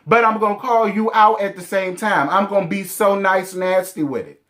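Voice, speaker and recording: A man in his thirties with a sassy, animated manner and heavy slang, reviewing a reality show in casual chat. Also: high voice, moderate pace.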